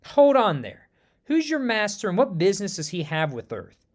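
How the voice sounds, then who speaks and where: Calm, reasoning hero-leader with a high, lively voice, from a male narrator. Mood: measured. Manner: measured, reasoning. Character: calm, clever team leader man.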